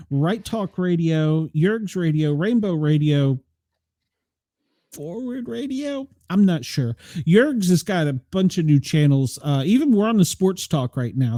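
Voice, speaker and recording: A man's voice: a little high, warm tone, no echo, clean studio sound. Rambling man hosting a live show. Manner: loose, rambling, laughs often. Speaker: podcast host. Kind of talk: casual live radio chat.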